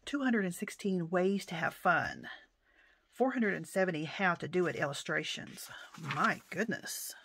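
A woman chatting through an unboxing of her mail haul, softly spoken, often exclaiming in delight and sometimes slipping into a whisper. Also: fairly low pitch, very animated, normal speed, gravelly. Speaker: vlogger showing a mail haul. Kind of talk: casual unboxing chat.

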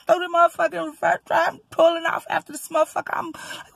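A woman with a Southern US accent, a rideshare driver from Texas, telling a story in a profane, animated rant and loudly acting out what people said. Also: very high voice, fast talker, creaky, dry recording.

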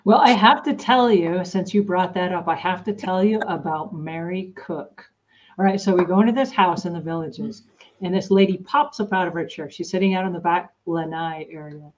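A woman's voice: on the low side, normal speed. A woman hosting a podcast, chatting casually and telling stories with lots of fillers, acting out what people said. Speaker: podcast host. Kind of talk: casual chat, storytelling. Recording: dull lo-fi sound.

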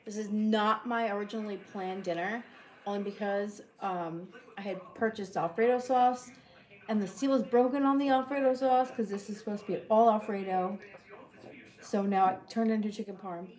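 A woman's voice: mid-range voice, moderate pace, a little mellow. Chatty woman with an Okie accent. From California. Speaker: livestream co-host. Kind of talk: casual chat greeting viewers.

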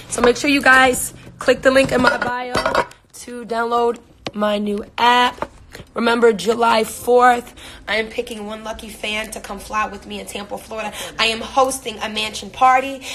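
Young woman, bubbly livestream chatter into a phone, slightly high voice, faint hiss behind. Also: little pitch movement, a little slow, a bit bright. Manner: chatty, laughs often, reads out comments. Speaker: social media personality. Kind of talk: casual livestream chat with viewers.

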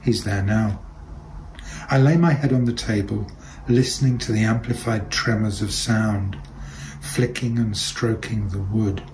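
A man reading literary fiction aloud in a measured, deliberate way. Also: on the low side, steady tone, a little mellow, a little hiss or hum, rough recording. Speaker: reader.

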